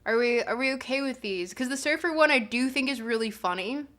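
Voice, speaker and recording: A woman's voice: high voice, animated, a little fast, a bit bright. A woman streamer chatting casually with her viewers, rambling and giggling with lots of fillers. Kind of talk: casual livestream chat.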